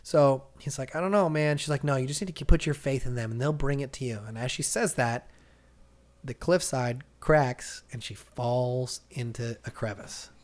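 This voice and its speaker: Young man, podcast co-host, casual comic recap, animated, acts out dialogue. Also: mid-range voice, moderate pace. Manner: animated storyteller, acts out characters' lines.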